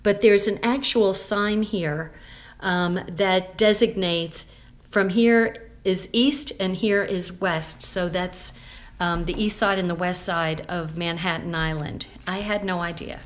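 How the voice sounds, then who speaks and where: A chatty woman walks through a scrapbook page by page. Her voice sits a little low, and she rambles warmly with plenty of ums and asides. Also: slow pace. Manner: chatty and rambling, with many fillers. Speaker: scrapbooking consultant. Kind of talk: casual show-and-tell vlog.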